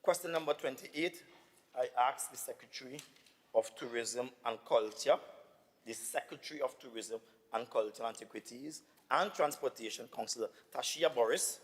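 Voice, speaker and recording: A man's voice: medium pitch, moderate pace. A man, an assemblyman debating in a legislative chamber, speaking insistently and with indignation, often repeating himself. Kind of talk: parliamentary debate. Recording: reverberant assembly hall.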